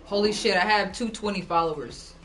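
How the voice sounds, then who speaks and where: A streamer giving live gameplay commentary, excitable and frustrated, swearing and yelling at the game. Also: mid-range voice, a little fast, faint music behind.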